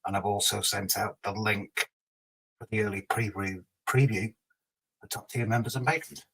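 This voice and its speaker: A man's voice: lowish voice, normal speed, vocal fry, fairly bright tone, breathy edge, poor audio. A man hosting a casual livestream, reading out viewer comments and teasing them in a chatty way. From Scotland. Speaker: livestream host.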